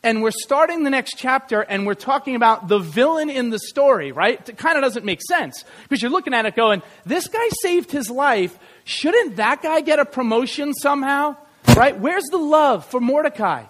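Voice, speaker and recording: A man with a strikingly high voice delivers a Sunday sermon in a church. He is lively and jokes with the congregation as he goes. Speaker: pastor. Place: church sanctuary.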